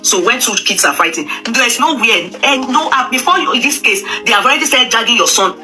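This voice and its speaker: Bright-voiced Nigerian woman giving opinions. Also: on the high side, animated, quick pace, soft background music. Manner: emphatic, repetitive, with Pidgin asides and frequent hesitations. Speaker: commentator. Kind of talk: casual opinion talk.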